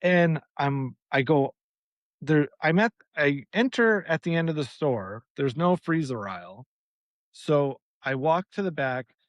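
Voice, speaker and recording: A man tells a story on a podcast in an animated, exasperated way and swears freely. His voice sits a little high for a man. The recording is close and dry, with no room sound. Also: measured pace, dry recording. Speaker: podcast co-host. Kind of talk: casual storytelling chat.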